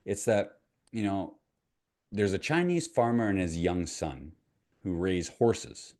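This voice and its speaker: Deep-voiced male mindset coach. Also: animated, takes it slowly, darkish tone. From Canada. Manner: conversational, asks the viewer questions, retells a parable. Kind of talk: motivational storytelling to camera.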